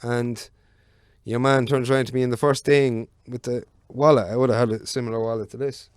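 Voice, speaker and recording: A man's voice: mid-range voice, fairly even intonation, brisk, clear, resonant tone, no room sound, studio quality. A man, a podcast guest telling rambling, sweary stories in casual chat.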